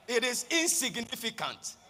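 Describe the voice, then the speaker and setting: A male preacher with a very high, piercing, brilliant voice delivers an impassioned sermon. His words ring out with a long reverb, as in a large hall. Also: a little hiss or hum. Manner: impassioned, building to shouted declarations.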